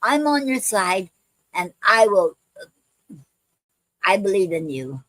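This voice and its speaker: A woman signs off her poetry livestream in a halting, looping way, full of ums and restarts. She talks fondly to her viewers in a middle-pitched voice. The sound is dry and close. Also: very animated, fairly bright tone, no echo, poor audio. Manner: affectionate toward viewers, calls them fam. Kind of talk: casual livestream sign-off.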